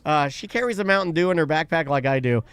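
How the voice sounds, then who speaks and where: A man's voice: on the high side, expressive, quick pace, a bit bright, clear, resonant tone. A man co-hosting a live stream, chatting loosely and joking with a rambling, off-the-cuff manner. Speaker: co-host. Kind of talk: casual live-stream banter.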